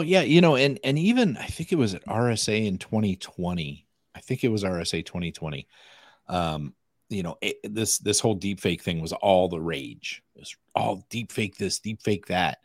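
A man with a low voice that swings widely as he chats on a podcast, acting out little bits of dialogue as he tells a story. The sound is dry and close, with no room echo. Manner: animated, acts out quoted dialogue. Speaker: podcast co-host. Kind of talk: casual chat.

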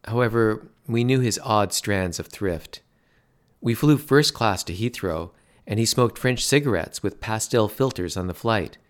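A man narrating a story in a measured, dry way. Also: fairly low pitch.

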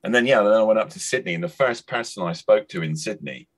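A man's voice: on the low side, lively intonation, fast. A Cornish man in his forties, a guest actor and comedian, chatting casually and telling anecdotes. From Cornwall. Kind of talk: casual chat.

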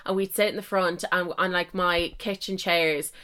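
A woman's voice: fairly low pitch, fairly even intonation, moderate pace, pushed and bright. A young woman hosts her own podcast in a loose, chatty solo monologue. She pokes fun at herself and drops mild swears all through her talk. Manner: chatty, self-mocking, swears mildly. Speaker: podcast host. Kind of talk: casual solo podcast chat.

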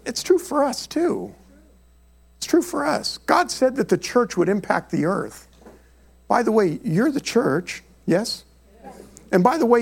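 An American man, a pastor, preaching a sermon in a church in an animated, conversational storytelling way. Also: sits high, creaky, slightly rough. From United States.

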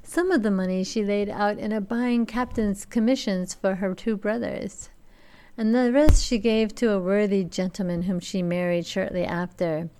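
A woman lecturer who reads a fairy tale aloud in a measured, deliberate way and then turns to interpreting it. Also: medium pitch, warm tone.

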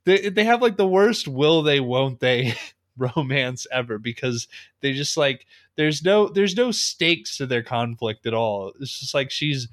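A man's voice: medium pitch, lively intonation, measured pace, a bit bright, no room sound, clean studio sound. A man co-hosting a casual podcast chat, recapping a movie's plot with lots of "like" and frequent laughter. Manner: laughs often, fillers of like. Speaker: podcast co-host.

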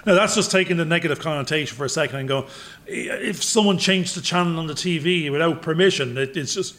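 A man in casual podcast chat, rambling and animated, breaking into sudden loud bursts as he tells stories. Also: fairly high pitch, brisk.

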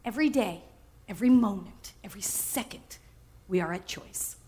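A woman minister preaching a sermon, animated and often laughing, repeating phrases for emphasis. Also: medium pitch, normal speed. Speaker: spiritual minister.

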